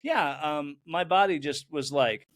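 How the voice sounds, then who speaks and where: A man's voice: a little high, a little slow, fairly bright tone. A man in his fifties, a hypnotherapist guest in a casual interview, joking, rambling and laughing often. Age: 50s.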